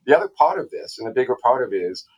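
A man, a tax attorney guest on a podcast, explaining a legal case in a casual, halting way with frequent restarts and asides. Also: medium pitch, big pitch swings, slightly rough, low-quality recording.

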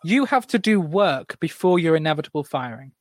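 A man's voice: a little high, animated, a little fast, dry recording. A man co-hosting a podcast, talking in a playful, teasing way. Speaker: podcast co-host. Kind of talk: improvised comedy sketch and casual chat.

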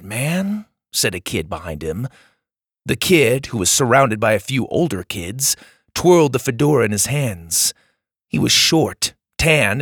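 A man narrating a children's adventure audiobook, reading with expressive character voices. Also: mid-range voice, vocal fry, breathy edge.

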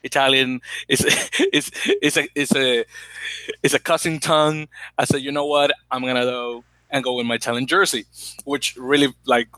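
A man co-hosting a podcast, rambling through an animated story with lots of fillers and restarts, a native Spanish speaker. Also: medium pitch, normal speed, no room sound, poor audio. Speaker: podcast co-host. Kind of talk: casual chat.

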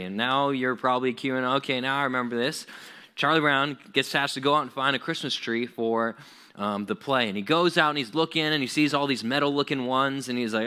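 Bright-voiced chatty young youth pastor. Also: male voice, mid-range voice, a little fast, clean tone. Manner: loose and chatty, many "like"s, acts out quotes. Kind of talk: casual youth sermon.

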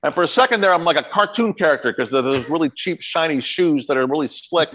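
A man's voice: on the high side, quick pace, lo-fi sound. A middle-aged man, a podcast guest, telling a story in casual chat and acting out the quotes. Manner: animated storyteller, acts out quotes.

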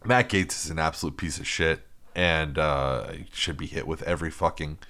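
A man's voice: rumbling low, moderate pace, pushed and bright. A man co-hosting a podcast in casual chat, sardonic and profane, laughing often. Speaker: podcast co-host.

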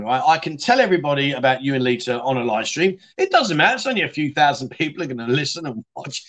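His voice runs high and sharp, swinging widely in pitch at a quick pace. The man is livestreaming from a bar city in Thailand, chatting casually, teasing viewers and laughing over their comments.

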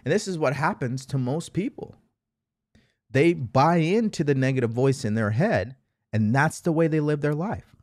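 A man's voice: a little high, animated, normal speed, a little mellow, no echo, studio quality. A man giving an emphatic motivational talk, full of rhetorical questions and repeated phrases. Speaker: motivational speaker. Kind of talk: motivational monologue.

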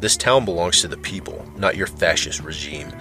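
A man's voice: deep voice, moderate pace, music in the background. A man voicing a cruel, mocking male captor who taunts his prisoner in a cold, threatening way. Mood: menacing.

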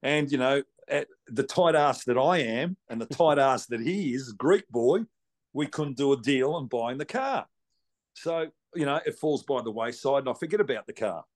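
A man's voice: mid-range voice, lively intonation, normal speed. A man with an Australian accent, a racing guest telling a long story in a blunt, salty, colloquial way. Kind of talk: casual storytelling.

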